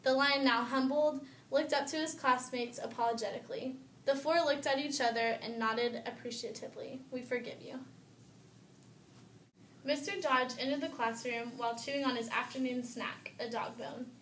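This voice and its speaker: A woman's voice: high voice, steady tone, normal speed, fairly bright tone, recorded from a distance, a little hiss or hum. Woman reading a children's story, echoey.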